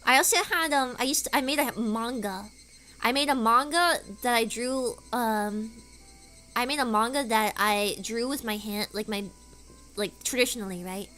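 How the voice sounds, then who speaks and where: A woman's voice: a little high, moderate pace, bright, forceful tone. A woman streamer chatting casually, rambling through stories with lots of filler words. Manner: rambling, filler-heavy storytelling.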